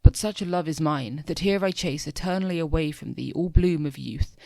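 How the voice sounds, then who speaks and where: A man's voice: on the high side, fairly quick, gravelly, darkish tone, no room sound. Man reading a taunting cruel sorceress. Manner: taunting, mock-tender. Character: cruel mocking sorceress goddess, female.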